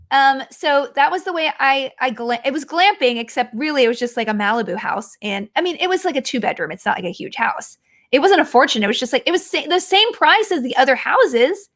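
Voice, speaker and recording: A woman in her forties talks through a casual podcast chat in a bright, high voice. She rambles from story to story and pokes fun at herself along the way. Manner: chatty, self-mocking, rambling storyteller. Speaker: podcast host.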